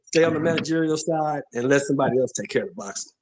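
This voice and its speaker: A man's voice: a little high, racing, a little mellow, low-quality recording. A man co-hosting a boxing talk show, speaking emphatically and agreeing with the host.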